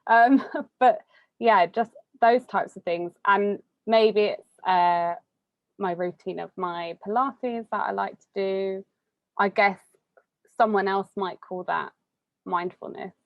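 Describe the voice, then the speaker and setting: A young woman, chatting casually as an interviewee, full of fillers and quick laughs. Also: medium pitch, no room sound, highs cut off. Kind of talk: casual conversation.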